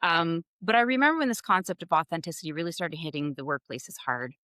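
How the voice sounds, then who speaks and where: A woman's voice: lowish voice, very animated, fast talker, bright, forceful tone, no echo. Candid woman coach, dry close sound. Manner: candid and reflective, laughs lightly, asks herself questions. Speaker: executive coach, podcast guest. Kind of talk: conversational podcast interview.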